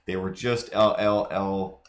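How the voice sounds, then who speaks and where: A man's voice: low voice, steady tone, measured pace, reverberant, slight background noise. A man hosting a livestream, chatting casually while he draws and wandering off into long, digressive stories. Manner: rambling, digressive storyteller. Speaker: livestream host.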